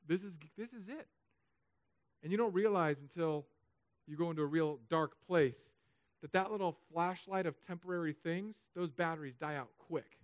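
A fairly high-voiced man preaches a sermon with feeling. He swings from loud, pressing appeals down to soft, hushed passages. His voice sounds close and dry, with no room echo. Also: normal speed. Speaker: pastor.

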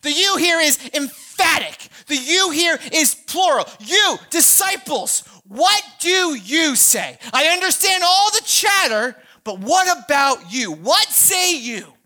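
A woman pastor with a high, bright, ringing voice delivers a sermon. She talks to the congregation in a chatty way, trips over and repeats her words, then climbs into loud, fervent bursts. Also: very animated, slow, few pauses. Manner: conversational preaching that builds to shouting; frequent restarts and repeated words.

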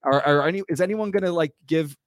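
A man's voice: on the high side, fast talker, noisy background. A man hosting a casual podcast, chatty and rambling, with fillers and self-corrections. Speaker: podcast host. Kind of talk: casual chat.

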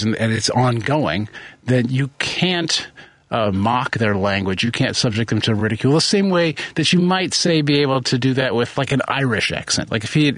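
A man's voice: medium pitch, fairly bright tone, no room sound. A man giving spoken commentary, thinking aloud with many restarts and fillers.

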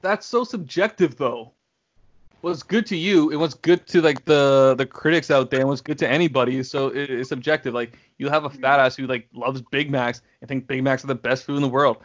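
A man's voice: mid-range voice, fairly even intonation, normal speed. Teasing man on a lo-fi podcast. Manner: teasing, needling. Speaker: podcast co-host. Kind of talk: casual chat. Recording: dull lo-fi sound.

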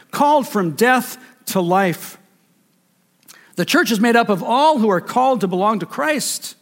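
A man with a fairly high voice preaching a sermon to his congregation. He builds emphatic, rhythmic runs of repeated phrases and lists, pressing each point home. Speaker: pastor.

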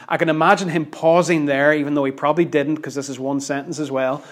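A man preaches a sermon in an emphatic, dynamic, conversational style with light humor, swinging from loud declarations to hushed asides. His fairly high voice keeps a level tone and moves at a quick pace with few pauses.

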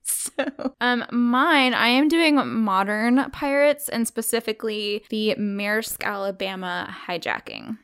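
Casting: smooth-voiced Southern woman, chatty storyteller, slightly high, lots of "like" and "um". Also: takes it slowly, few pauses, a bit bright. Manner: chatty, laughs often, many fillers. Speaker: podcast co-host telling a story. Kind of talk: casual chat.

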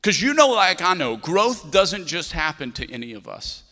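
A pastor in his thirties, with a bright, forceful, somewhat high and sing-song voice, preaches at a normal pace and tells a story, acting out each character's voice. The long reverb of a large church hall carries his words.

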